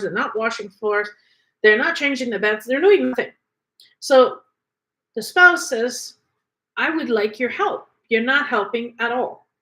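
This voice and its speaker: A woman with a slightly higher voice walks through an energy-healing technique. Her talk is casual and conversational, full of rhetorical questions as she teaches. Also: a bit bright, poor audio. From Canada.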